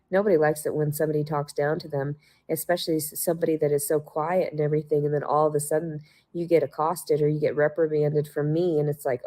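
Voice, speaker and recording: A woman's voice: deep voice, level tone, fast, warm tone. A woman ranting to her viewers in a mocking, sarcastic way, swearing often and laughing to herself. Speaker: vlogger.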